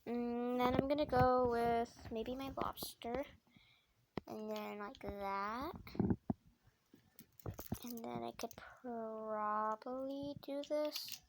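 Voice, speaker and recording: Female vlogger, slightly high voice, chatty and nervous, heavy clicking noise in the background. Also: slow pace, pauses often. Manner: chatty, nervous, lots of "like" and "oh my gosh". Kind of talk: casual narration while stacking toys. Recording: loud clicking noise behind voice.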